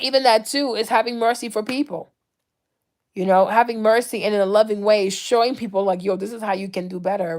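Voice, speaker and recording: A woman from the Ivory Coast talking casually to camera, animated and often dropping into mocking impressions. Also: medium pitch. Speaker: vlogger.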